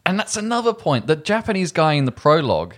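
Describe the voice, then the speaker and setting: A man chatting casually about a film, lively and quick, often restarting his sentences. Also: a little high. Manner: animated, quick bursts, frequent restarts. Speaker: film review podcast host.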